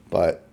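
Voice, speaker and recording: A man's voice: mellow, slight background noise. A man giving casual, rambling reaction commentary in a blunt, chuckling way.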